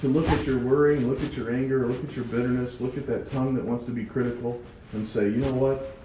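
A man's voice: medium pitch, quick pace. A man teaches a church Bible study and acts out the voices he quotes. He is recorded from a distance, and his voice rings in a very echoey room. A faint hum runs underneath. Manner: animated preaching with acted-out quotes. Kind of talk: sermon.

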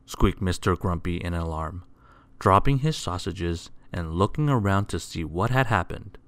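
A man reading a children's picture book aloud, expressive and asking the listener questions. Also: deep voice, moderate pace, dry recording. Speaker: storyteller.

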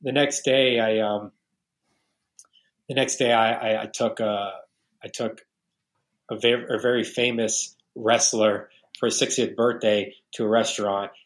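A man's voice: lowish voice, steady tone, measured pace. A man from New York in his forties, a podcast guest telling personal stories in earnest, casual talk with frequent restarts. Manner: earnest storytelling, many restarts.

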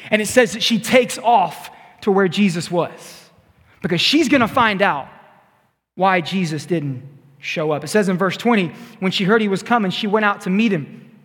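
A man's voice: sits high, animated, moderate pace, fairly bright tone, husky. A man preaching a sermon as a youth pastor, retelling scripture in a conversational way with asides to his listeners. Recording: long reverb of a large hall.

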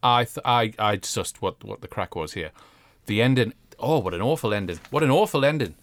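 A man from Britain retells the plot in a chatty, jokey way as a podcast co-host. His pitch swings widely as he talks, and the recording is close and dry. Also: fairly quick, no room sound. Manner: chatty, jokey, animated storytelling. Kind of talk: casual chat review.

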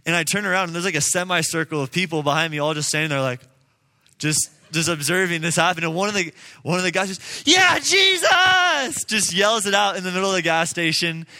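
Young man in his twenties, fairly high, bright voice, informal preaching with lots of "like", long hall reverb. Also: fairly even intonation, fast. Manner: casual, earnest, uses many fillers. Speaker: speaker addressing a group. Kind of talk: personal testimony and preaching. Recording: long reverb in a large room.

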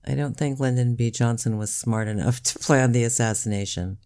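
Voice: mid-range voice, brisk, a little mellow, clear, resonant tone. A podcast co-host chatting casually, teasing with a dry, sarcastic edge. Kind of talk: casual chat.

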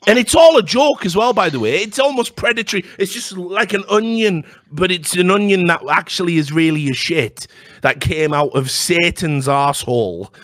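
Animated man ranting comedically. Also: high-pitched, normal speed, no room sound. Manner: animated, mocking, swears freely, stammers into restarts. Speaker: podcast host. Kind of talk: comedic rant.

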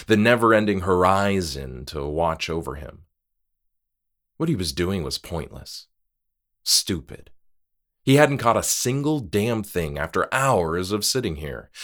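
A man reads a horror short story aloud with a very deep voice. His delivery is somber and measured, and he keeps an unhurried, slow pace. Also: a bit bright. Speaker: narrator.

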